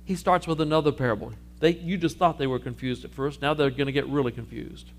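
Animated male preacher telling a parable. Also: fairly high pitch, fast, slight background noise. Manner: animated storytelling, acting out sheep and Jesus. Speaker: pastor. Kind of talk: sermon.

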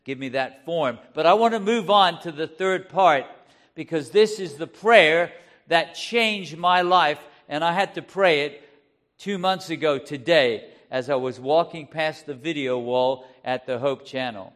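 A man with a notably high voice preaches with fervor. He fires rhetorical questions at his listeners and leans hard on key words, slowing down to stress them. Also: fairly bright tone. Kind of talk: sermon.

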